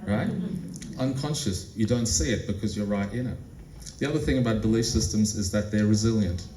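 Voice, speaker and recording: A man gives a talk in a conference room, telling stories in a relaxed conversational way and turning to the audience with questions. His voice sits at an ordinary pitch. It echoes around the room and comes from some way off the microphone, with faint ambience behind. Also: fairly quick, slight background noise. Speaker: presenter. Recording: roomy, distant mic.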